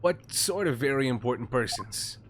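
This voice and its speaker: A man's voice: on the high side, lightly acted. A man reading a polite young woman assistant. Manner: polite and measured. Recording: steady background noise.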